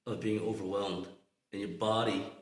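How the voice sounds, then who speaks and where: A man explaining calmly, often checking that the others agree. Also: lowish voice, normal speed. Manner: explaining, calm, asks for agreement. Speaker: podcast co-host. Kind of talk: casual explanatory talk. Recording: echoey room.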